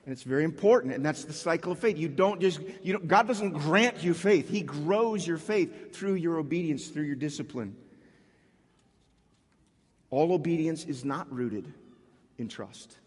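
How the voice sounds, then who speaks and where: A man preaching a sermon as a pastor, talking in a conversational way with frequent restarts and animated asides. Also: fairly high pitch, moderate pace, slightly rough, in a large hall.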